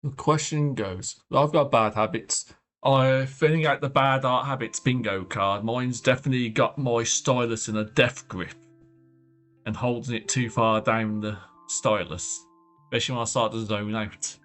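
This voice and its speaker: A man talks his way through a drawing session on stream, wandering from thought to thought and trailing off mid-sentence. His voice sits at an ordinary middle pitch, and soft music plays faintly behind him. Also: steady tone, unhurried. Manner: rambling, thinking aloud with soft trailing phrases. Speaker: art streamer. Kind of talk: casual livestream chat while drawing. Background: faint background music.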